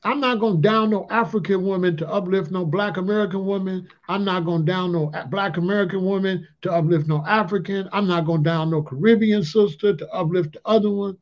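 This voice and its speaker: A high-pitched man talks fairly quickly with hardly any pauses, ranting casually as a talk-channel commentator. His loose street slang is peppered with "allegedly" and "you know what I'm saying" at the ends of lines. The recording quality is dull and lo-fi.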